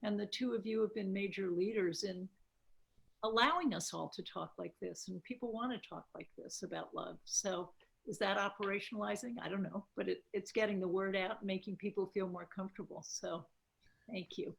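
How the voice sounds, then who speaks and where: A woman's voice: mid-range voice, moderate pace, creaky, low-quality recording. A woman moderating a panel discussion, thanking guests and reading a question aloud. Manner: gracious, reads questions aloud.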